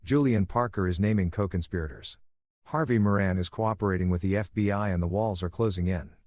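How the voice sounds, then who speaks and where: A betrayed husband who stays eerily calm and controlled as he lays out his threats, as a male narrator reads his lines. The voice is low-set and steady. It is recorded close and dry, with no echo. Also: a little fast, close to an everyday voice. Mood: cold. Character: cold, vengeful betrayed husband, adult man.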